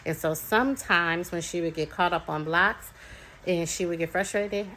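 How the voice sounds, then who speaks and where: A young woman speaks as a parent in a relaxed, chatty storytelling way, full of ums and restarts. Her voice sits on the lower side for a woman. A faint background hum lies under it. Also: normal speed, rough recording. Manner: chatty, with many fillers and restarts. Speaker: parent sharing experience. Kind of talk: casual storytelling to camera.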